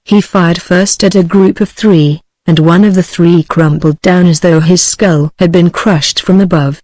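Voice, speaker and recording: A woman's voice: on the low side, measured pace, no echo, low-quality recording. British synthetic woman reading a novel. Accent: British English. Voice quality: even synthetic text-to-speech delivery. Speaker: audiobook narrator. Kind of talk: scripted novel narration.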